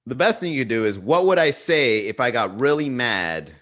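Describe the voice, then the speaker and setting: A man's voice: mid-range voice, animated, moderate pace, a bit bright. A young man hosting a comedy livestream, riffing casually to the chat, swearing and laughing at his own jokes. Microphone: webcam livestream.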